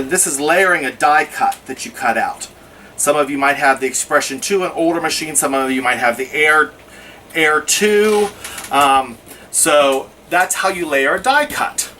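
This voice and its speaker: Brief: man, fairly high and bright voice, casual craft tutor, mic set back a little with faint hiss. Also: far from the mic. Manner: chatty, narrates each step as he works. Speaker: scrapbooking instructor. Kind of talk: casual how-to demonstration.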